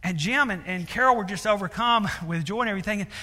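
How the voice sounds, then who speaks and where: A man's voice: sits high, fast, bright, forceful tone. A man preaching a sermon, telling a story earnestly with many fillers and building to emphatic appeals. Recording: long reverb of a large hall.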